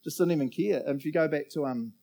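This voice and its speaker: A man preaching a sermon, reading scripture aloud and explaining it in animated storytelling with frequent "right?" asides. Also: on the high side, fast talker, gravelly.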